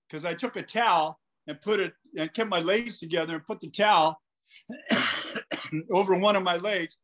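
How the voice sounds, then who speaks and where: Older man, high voice, animated storyteller, acts out quotes, talking over a call. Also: normal speed. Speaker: guest, basketball coach. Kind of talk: casual anecdotal storytelling.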